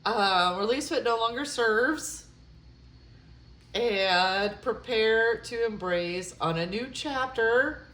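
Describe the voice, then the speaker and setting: A woman's voice: on the high side, takes it slowly, a bit bright, echoey room. A woman giving a tarot love reading, musing aloud with hesitant fillers and breaking into gushing, effusive exclamations. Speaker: tarot reader.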